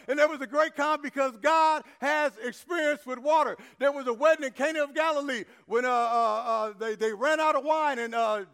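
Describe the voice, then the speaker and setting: A man preaches with a strikingly high voice, stammering through fillers before hammering his key phrase over and over. His loudest lines ring out. The sound carries a long echo, as in a big hall. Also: fairly even intonation, fairly quick, hardly any pauses. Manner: repetitive call-and-response preaching, rising to shouts. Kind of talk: sermon.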